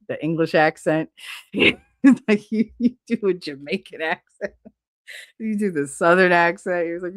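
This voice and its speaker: A woman's voice: fairly low pitch, no room sound, clean studio sound. A middle-aged woman hosting a live stream, chatting casually and bluntly, swearing freely while she reads viewers' comments.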